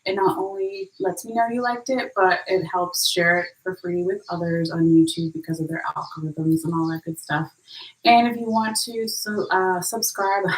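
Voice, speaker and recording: A woman's voice: fairly low pitch, a bit bright. A woman giving a casual, chatty tarot reading, often checking in with "okay?" and laughing at her own slips. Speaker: tarot reader. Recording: echoey room.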